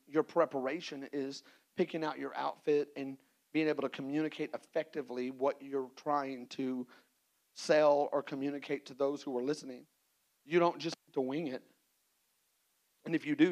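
A man preaching a sermon as pastor, animated and playful, acting out little scenes for the congregation. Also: a little high, low-quality recording.

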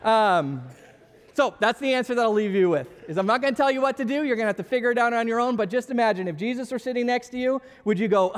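High-voiced pastor joking in a big hall. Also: male voice, quick pace. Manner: conversational and self-deprecating, joking with the audience. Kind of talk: casual sermon with audience questions.

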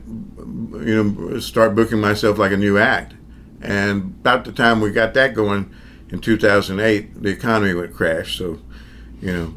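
An older man from the American South, speaking with a Southern drawl in a lowish, fairly bright voice, talks easily about his work as a magician in a casual interview. He often chuckles as he trails off and restarts. Faint ambience hums behind him, with a little hiss or hum.

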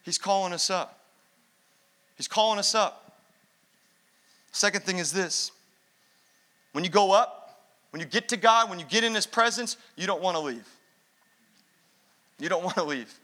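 A man preaches a sermon, fired up and emphatic, hammering his points through repetition. His voice sits high for a man and rings with a bright, sharp edge. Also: measured pace, pauses often. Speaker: pastor.

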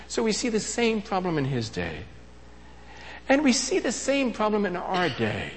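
A man preaching a sermon with a fairly high, very lively voice that rises and falls widely. He teaches in a conversational way, stopping to ask rhetorical questions and restarting phrases. His voice carries a long reverb from a big hall. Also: moderate pace, a little hiss or hum.

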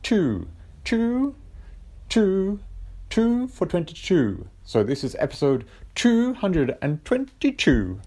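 An old cricket commentator with a slow, exaggerated drawl that stretches every number out, as an Australian man puts him on. The voice sits far higher than the speaker's own. It comes across as a loose, playful impression. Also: huge pitch swings, darkish tone, slightly rough, exaggerated voice. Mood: mock-solemn.

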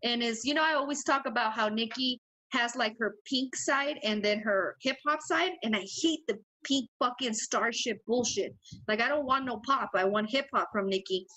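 At a normal speed and fairly high pitch, a young woman co-hosts a podcast and chats casually through a rowdy tale. Lively and heavily profane, she acts out what people said, and the recording is low quality.

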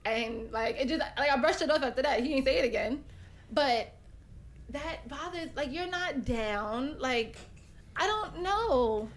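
A woman telling a story on a casual podcast, animated, cursing freely and acting out quotes. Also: sits high, measured pace. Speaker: podcast host.

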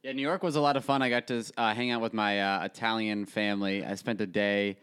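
A man's voice: on the low side, steady tone, a little fast, fairly bright tone, clean tone. A young man co-hosting a podcast, telling profane, jokey stories in casual chat. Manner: laid-back storyteller, profane, jokey. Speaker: podcast co-host.

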